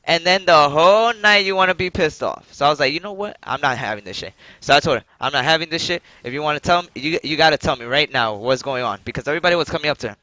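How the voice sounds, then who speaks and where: Animated young man telling a story. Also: a little high, fast, hardly any pauses, no room sound, dull audio. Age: young adult. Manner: animated, profane, laughs while telling. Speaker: streamer. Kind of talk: casual storytelling on a live stream.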